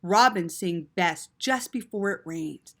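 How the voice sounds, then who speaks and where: A woman reading a story aloud to children in an animated way, with gasps and quiet asides. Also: fairly low pitch, slow.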